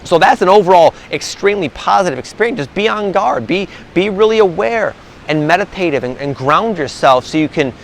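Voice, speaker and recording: A man's voice: high voice, lively intonation, a little fast, gravelly, slight background noise. A man talking as a spiritual coach in a casual vlog monologue, rambling with many restarts and filler words.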